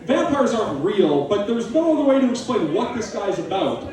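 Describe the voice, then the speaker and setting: A man voicing a baffled, blunt teenage girl in a flat, mocking paraphrase. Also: high voice, moderate pace. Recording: echoey live room, from a distance.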